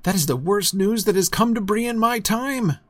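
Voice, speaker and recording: A scared, loyal innkeeper of middle age, whose talk rushes out excited and alarmed, read out by a man. The sound is dry, with no room around it. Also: sits high, dry recording, voice pushed up. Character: frightened, loyal middle-aged male innkeeper.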